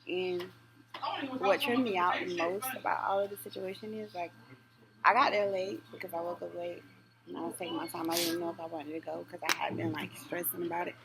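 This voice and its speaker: A young woman vlogger in casual chat to camera, rambling and animated, full of slang and fillers. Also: fairly low pitch, a little fast, vocal fry, crowd noise, low-quality recording.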